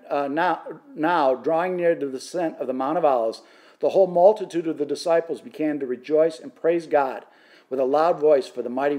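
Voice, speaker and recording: A man's voice: medium pitch, warm tone. A man teaching through a Bible passage in sermon style, impassioned and rising to fervent emphasis, with frequent restarts.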